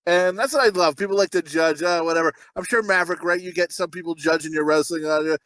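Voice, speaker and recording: A man's voice: on the high side, fast, a bit bright. A man co-hosting a movie review podcast in casual chat, profane and boisterous, laughing often. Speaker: podcast co-host.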